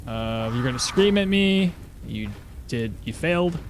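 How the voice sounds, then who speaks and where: A man's voice: mid-range voice, animated, a little slow, heavy background noise. A man chatting casually on a live stream, talking to himself and answering chat while he plays. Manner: chatty, talks to himself and reads chat aloud. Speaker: game streamer.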